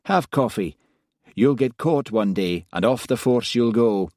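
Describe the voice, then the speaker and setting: A man reading aloud, voicing a blunt, stubborn Highland village policeman who speaks curtly. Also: expressive, measured pace, a little mellow, dry recording, clean studio sound, natural voice. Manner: blunt, curt.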